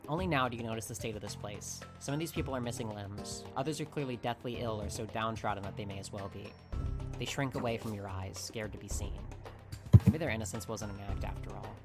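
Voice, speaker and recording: A man hosting a let's play, reading game narration aloud and breaking off to joke. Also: on the low side. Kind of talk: narrating a visual novel aloud.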